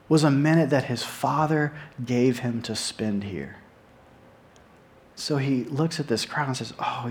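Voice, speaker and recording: A man's voice: medium pitch, a little mellow. A man preaching a sermon in an earnest way, often repeating words as he stresses a point.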